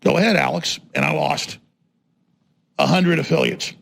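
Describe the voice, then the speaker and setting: A man hosting a radio talk show, delivering a combative political rant that swings into shouting and hammers points with repeated phrases. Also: on the high side, moderate pace, vocal fry, slightly rough. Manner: repetitive emphatic phrasing. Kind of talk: ranting political monologue.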